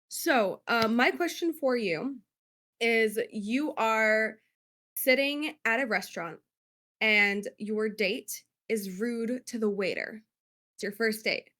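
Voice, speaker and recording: A woman's voice: on the high side, slow, fairly bright tone. A woman who grew up in Spain, hosting a game show and asking contestants long, rambling questions in an affectionate tone.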